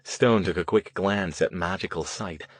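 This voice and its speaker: A man reading an audiobook in measured scripted narration. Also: low voice, no room sound.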